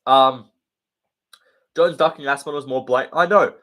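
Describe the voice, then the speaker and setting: A man's voice: mid-range voice, normal speed, bright, forceful tone. A man hosting a casual live show, answering viewer questions in a blunt, sweary and rambling way with many ums and likes. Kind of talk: casual livestream chat.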